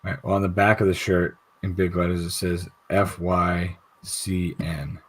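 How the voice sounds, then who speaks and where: A man with a deep, slightly husky voice chats on a livestream. He tells stories loosely, swearing often and acting out the voices of people in them. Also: level tone, moderate pace, a bit bright. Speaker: livestream co-host. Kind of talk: casual chat.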